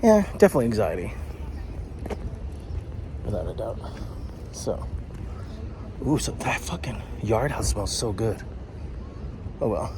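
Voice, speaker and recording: A man's voice: on the low side, sing-song, measured pace, long pauses, background noise. A man talking candidly in a personal vlog, sounding frustrated and blunt, with frequent swearing. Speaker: vlogger. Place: partly outdoors in summer heat.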